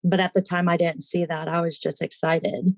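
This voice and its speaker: A woman's voice: on the low side, level tone, normal speed, vocal fry, no room sound. A woman, a podcast guest, telling her personal story in a casual interview and animatedly acting out the voices in it.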